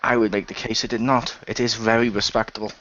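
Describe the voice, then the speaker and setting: A man co-hosting a casual wrestling chat, talking in a sarcastic, animated way. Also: fairly low pitch, fast. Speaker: podcast co-host. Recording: dull dry lo-fi audio.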